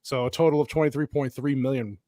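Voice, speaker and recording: A man hosting a casual movie podcast, excitable, swearing a lot and laughing often. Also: mid-range voice, fast talker, no room sound. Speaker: podcast host.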